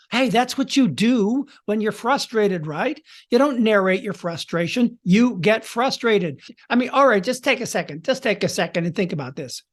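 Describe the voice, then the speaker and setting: Theatrical male storytelling coach. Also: high-pitched. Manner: theatrical, with dramatic pauses and shifts in tempo and volume. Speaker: podcast host and storytelling coach. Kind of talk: podcast teaching monologue.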